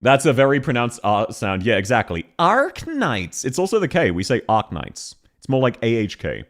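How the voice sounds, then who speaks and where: Laughing Australian man, lively voice. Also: mid-range voice, quick pace. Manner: laughing, joking, animated. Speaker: streamer. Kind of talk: casual chat, ranking reactions.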